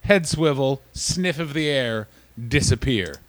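A man co-hosting a comedy podcast in casual, profane, rambling chat that swings between loud and quiet. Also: medium pitch, animated, slow pace, no room sound. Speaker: podcast co-host.

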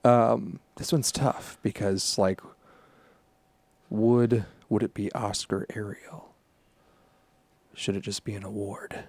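A man's voice: lowish voice, little pitch movement, takes it slowly, pauses often, darkish tone, no echo. A man co-hosting a podcast who plays along as a quiz contestant, goofy and self-mocking. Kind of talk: casual podcast chat.

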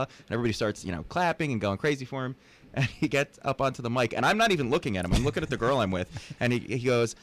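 A man's voice: medium pitch, fast talker. A man, a stand-up comedian guest, telling a story in a podcast studio and acting out the quotes. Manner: animated, acts out quotes. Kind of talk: casual storytelling. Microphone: studio mic.

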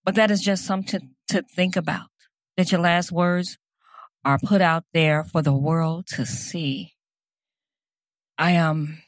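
A woman's voice: on the low side, dry recording. A woman giving an impassioned personal address, speaking earnestly and emphatically and repeating phrases for stress.

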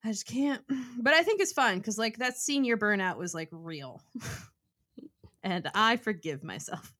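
A woman's voice: on the high side, animated, unhurried, fairly bright tone. A young woman in her twenties co-hosting a podcast, chatty and self-mocking, laughing often. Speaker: podcast co-host. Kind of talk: casual chat.

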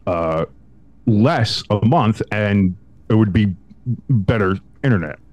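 A young man co-hosting a sports podcast, telling a story in casual chat, acting out quotes with big swings in pitch and some swearing. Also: expressive, slow, no echo, highs cut off. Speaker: podcast co-host.

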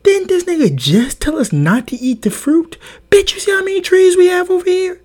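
A man ranting as shrill exasperated Adam. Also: expressive, normal speed. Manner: shrill, yelling and incredulous.

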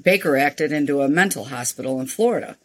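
An older woman, a nonprofit founder, speaking as an interview guest and telling frank, animated stories. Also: sits low, fast. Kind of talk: interview storytelling.

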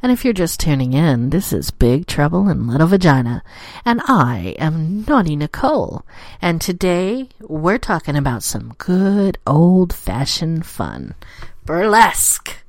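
A woman's voice: low voice, sing-song, a little slow, no room sound. Playful, theatrical woman podcast host. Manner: playful, theatrical, drops to whispers for emphasis. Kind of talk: scripted solo show talk.

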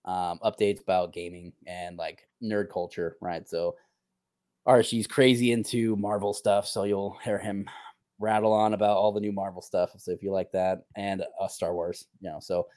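A man appearing as a podcast guest, talking in easygoing, halting casual chat with lots of fillers. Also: deep voice, flat delivery, a little mellow, dry recording, studio quality. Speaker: podcast guest and host of other shows.

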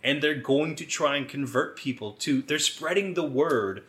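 A man's voice: on the high side, moderate pace, fairly bright tone. A man co-hosting a podcast in a casual chat, laid-back, swearing freely and often laughing as he talks. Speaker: podcast co-host.

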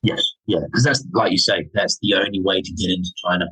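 A man's voice: low voice, fairly even intonation, brisk, bright, forceful tone, breathy edge, poor audio. A man in a casual podcast chat, talking about his travels in an enthusiastic, rambling way with many fillers. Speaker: podcast guest, overland traveller.

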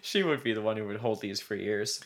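A man's voice: on the low side, brisk. A man hosting a podcast, casually retelling a true-crime case with many "um"s and "like"s. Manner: recounts case details with frequent "um" and "like". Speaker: podcast host.

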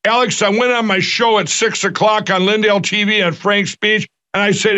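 A man's voice: sits high, fairly even intonation, moderate pace, few pauses, bright, forceful tone, clean tone, lo-fi sound. A middle-aged man telling a story in an interview, agitated and acting out the dialogue with many restarts. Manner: agitated, acts out quoted dialogue, frequent restarts. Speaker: guest recounting an event.

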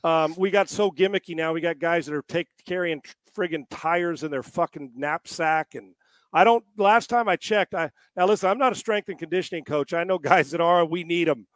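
Exasperated high-voiced quarterback coach, dry sound. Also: male voice, a little fast, dry recording. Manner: exasperated, swears freely, mocks gimmicky training. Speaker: quarterback trainer. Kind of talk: casual profane storytelling.

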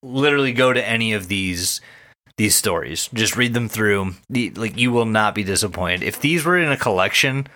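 A man co-hosts a casual podcast with emphatic enthusiasm. His voice is low but bright and edgy in tone, and his pitch swings widely as he talks. He swears now and then. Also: expressive, normal speed. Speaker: podcast co-host. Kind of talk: casual chat.

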